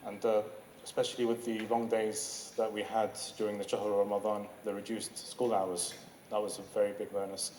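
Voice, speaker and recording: A man's voice: on the low side, flat delivery, normal speed, a little mellow, slight background noise. A man, a former student, reminiscing hesitantly with many fillers in an anniversary speech. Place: school event hall. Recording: echoey hall, speaker far from mic.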